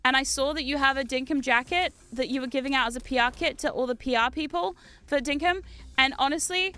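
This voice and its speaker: A woman's voice: high-pitched, brisk, sharp tone. A woman from New Zealand with a New Zealand accent, chatting casually and playfully with her viewers while she streams a game. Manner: playful, giggly, talks to chat. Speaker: VTuber streamer. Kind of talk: casual chat while gaming.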